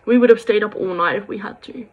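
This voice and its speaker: A woman's voice: medium pitch, quick pace, narrow, tinny audio. A young woman, rambling through a sad personal story to camera, full of quoted dialogue and sighs. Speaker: vlogger.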